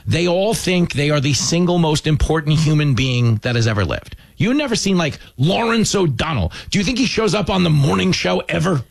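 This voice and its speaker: A man co-hosting a casual chat, telling stories in an emphatic, animated way. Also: fairly high pitch, brisk, creaky, few pauses. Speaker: TV host.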